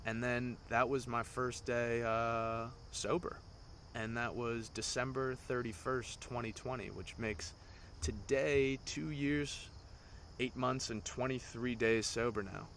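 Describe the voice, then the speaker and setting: A man's voice: mid-range voice, fairly even intonation, slow pace, fairly bright tone, slight background noise. A man in his twenties telling his own story on a solo podcast in a loose, rambling way, swearing often. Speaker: podcast host. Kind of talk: casual storytelling monologue.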